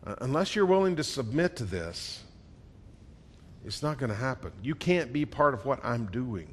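A man preaching a sermon in a church, with expressive delivery that swings between loud emphasis and quiet, close moments. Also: medium pitch, moderate pace, long reverb tail. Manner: expressive, acts out quoted voices with swings in loudness.

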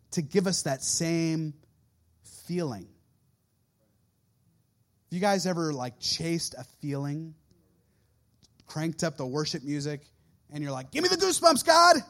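A man in his thirties, a youth pastor preaching a sermon in an animated way and acting out quoted voices. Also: a little high, a little slow, pauses often.

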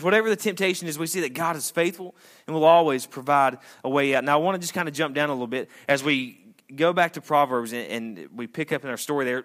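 A married man preaching a sermon to a congregation, speaking casually and swinging from loud emphatic lines to quiet asides. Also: fairly high pitch. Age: adult, married. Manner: conversational preacher, rising to emphatic peaks and dropping to quiet asides. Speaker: pastor. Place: church sanctuary before a congregation.

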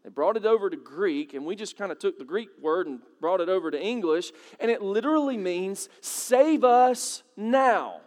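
A man with a high voice preaches a sermon to his congregation. He talks in a loose, conversational way, asks questions, and rises to dramatic peaks. His voice carries a long echo from the hall around him. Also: lively intonation, brisk, few pauses. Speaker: pastor.

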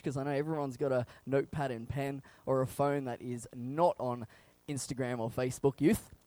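Animated young man preaching with humor. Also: fairly high pitch, no room sound. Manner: animated, humorous storytelling that acts out scenes. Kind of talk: sermon.

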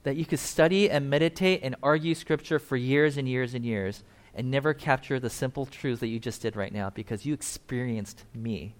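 A man preaching a sermon, animated, acting out quoted lines with rising energy and laughing now and then. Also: medium pitch, moderate pace, hardly any pauses. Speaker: pastor.

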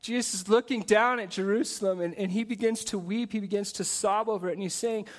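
A man with a high-pitched voice preaches a conversational sermon, stacking one rhetorical question on another. On the weighty points he drops to a soft, slow delivery. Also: steady tone. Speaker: pastor.

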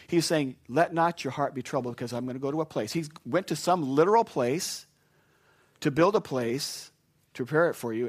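Animated man preaching a funeral sermon. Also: mid-range voice. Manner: animated, storytelling, rising to excited outbursts. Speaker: pastor.

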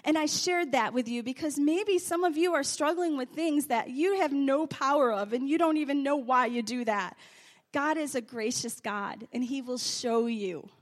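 A woman preaching a sermon, telling stories and testimony, moving from hushed confession to loud praise. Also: sits high, normal speed. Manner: animated, swings from hushed confession to loud exclamations.

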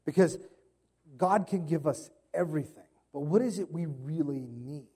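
A man in his thirties delivers a sermon as a pastor. His voice sits a little high but sounds mellow and warm. He talks conversationally and drops into playful impressions while he tells stories. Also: normal speed, slightly rough.

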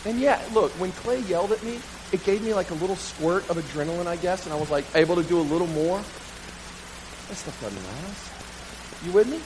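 A man preaching a sermon through a comic, self-mocking story, animated and building to loud bursts. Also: high voice, fast talker, hardly any pauses, noisy background.

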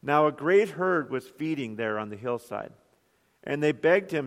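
A man's voice: a little high, animated, unhurried. A man, a pastor, preaching an earnest sermon full of rhetorical questions. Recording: long hall reverb.

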